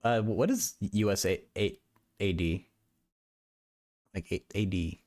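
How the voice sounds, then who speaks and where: A man's voice: low voice, unhurried, a little mellow. A young man livestreaming while he does math homework, chatting casually and often stammering and repeating words.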